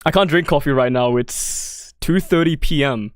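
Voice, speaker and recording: A woman's voice: low voice, normal speed. Swearing Australian woman streaming a game. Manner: swearing, laughing, rambling banter. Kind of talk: casual game playthrough chat.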